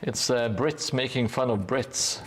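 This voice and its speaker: A man streaming while he paints, chatting casually in a halting way with dry, sarcastic jokes. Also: mid-range voice, a little hiss or hum. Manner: halting, with many hesitations. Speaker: hobby streamer painting a gaming board.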